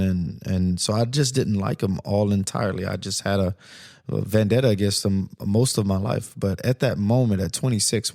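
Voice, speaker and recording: A man's voice: lowish voice, gravelly, a little mellow, dry recording, clean studio sound. Earnest man hosting a parenting podcast. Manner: earnest, reflective storytelling with direct advice to listeners. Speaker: podcast host.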